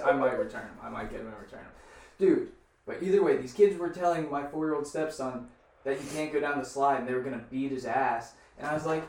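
A man's voice: mid-range voice, fast, darkish tone. A man co-hosting a podcast, casually telling stories and trading crude jokes. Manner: joking, storytelling, crude banter. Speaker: podcast co-host. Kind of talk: casual chat. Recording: echoey room from far off, faint noise.

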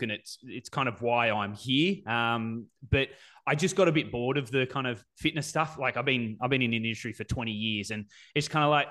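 A man in his forties hosting a casual interview, speaking warmly with many ums and restarts. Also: mid-range voice. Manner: warm, hesitant, many ums. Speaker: interviewer, fitness coach.

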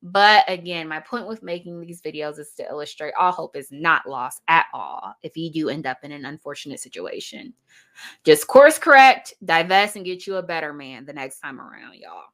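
A woman's voice: deep voice, lively intonation, brisk, few pauses, a bit bright. A woman giving casual, emphatic reaction commentary, chatty and laughing often.

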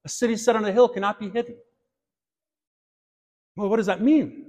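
High-voiced man preaching in an echoing church. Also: fairly even intonation, normal speed, darkish tone. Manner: earnest preaching, shifts to light anecdote. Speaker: pastor. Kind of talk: sermon. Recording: long reverb of a church hall.

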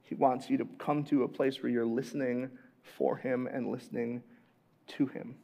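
A man in his thirties preaching a conversational sermon as a pastor, dropping to a hush and then rising loud and animated. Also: mid-range voice, moderate pace, gravelly.

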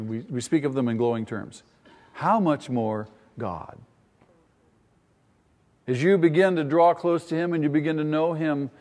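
A man's voice: a little high, darkish tone, big-room sound. A man preaching a teaching sermon, asking the congregation questions and rising in emphasis. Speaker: pastor.

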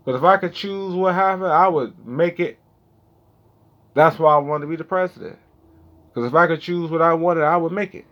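This male vlogger, in his thirties, chats to the camera at a moderate pace in a wandering, slang-heavy, profane monologue. At times he mutters quietly, at others he raises his voice; the sound is dull and lo-fi.

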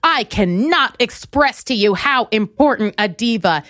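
A young woman hosting a comedic solo podcast, ranting theatrically and jumping into loud, high outbursts. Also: expressive, a little slow, no room sound, clean studio sound. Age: young adult. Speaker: podcast host.

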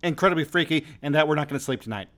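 A man's voice: a little high, very fast, fairly bright tone. A man hosting a comedy podcast in easygoing, rambling casual chat, with faint music behind. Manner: easygoing, rambling, hedging with fillers. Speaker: host.

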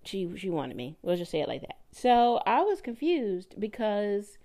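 Gravelly-voiced woman telling a story. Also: medium pitch, measured pace. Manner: animated, laughing, mimics voices in quoted lines. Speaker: podcast host. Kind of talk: casual storytelling.

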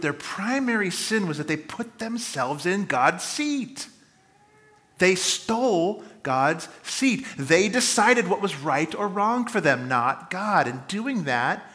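A man preaching a sermon, with dynamic delivery that swings between loud emphasis and quiet asides. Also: a little high. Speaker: pastor.

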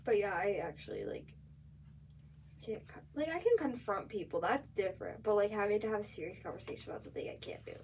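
Fast and sing-song, with a medium pitch and a darkish tone, this young podcast co-host talks bluntly, swears freely, and leans on fillers in casual conversation. A distant mic catches faint background noise.

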